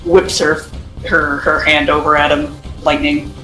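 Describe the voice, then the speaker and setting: Playful woman with a lively, bouncing voice. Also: a little slow, echoey room, faint music behind, low-quality recording. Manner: playful, giggly, very lively pitch. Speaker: player. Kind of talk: casual tabletop play.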